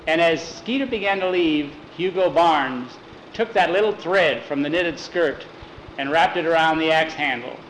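Folksy high-voiced male storyteller. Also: normal speed, a bit bright. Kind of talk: oral storytelling. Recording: roomy echo, faint noise.

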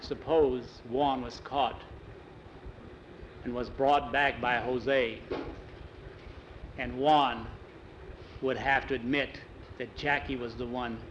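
A man telling a story aloud in a plain, unhurried, folksy way. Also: medium pitch. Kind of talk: oral storytelling. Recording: dull lo-fi, faint vehicle noise.

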